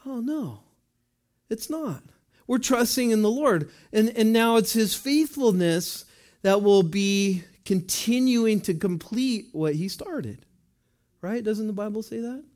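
A man with a high, expressive voice and darkish tone speaks to a congregation in a loose, talkative way. He asks them questions and then answers himself in brief asides, much like a pastor talking with his flock.

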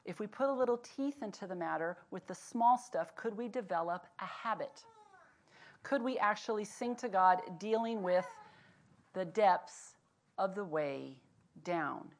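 A woman giving a devotional talk, telling a lively personal story and then slowing into earnest encouragement. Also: medium pitch. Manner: animated storyteller turning earnest and slow when exhorting. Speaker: devotional speaker.

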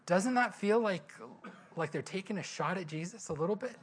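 Male pastor, sermon, conversational, animated, rhetorical questions. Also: high voice, moderate pace, slightly rough.

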